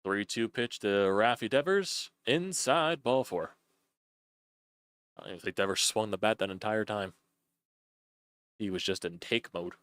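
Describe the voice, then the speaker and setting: Man, very low pitch, dry sound, casual play-by-play streamer, chatty, swears a lot. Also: measured pace, long pauses, a bit bright, clear, resonant tone, dry recording. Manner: chatty, loose, swears often. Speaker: sports streamer calling a baseball game.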